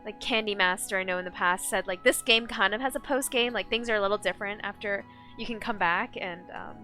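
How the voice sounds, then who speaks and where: A woman's voice: medium pitch, a little fast, sharp tone, faint music behind. A woman streamer chatting casually while playing a game, rambling with many fillers and restarts. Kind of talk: casual live-stream chat while gaming.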